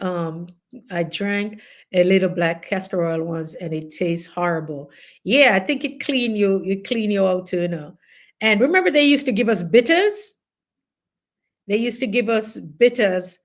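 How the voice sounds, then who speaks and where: A middle-aged woman with a Jamaican accent, chatting casually as host and telling stories with laughter. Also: mid-range voice. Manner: animated, laughing, chatty storytelling. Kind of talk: casual group chat.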